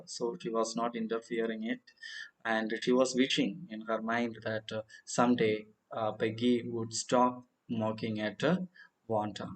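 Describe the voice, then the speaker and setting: Guy doing an online english class, reads a bit then explains it, lots of uh's, pretty flat monotone. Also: medium pitch, low-quality recording. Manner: reads a passage, then explains it slowly with many uh fillers. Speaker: English teacher. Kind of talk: online literature lesson, reading and explaining.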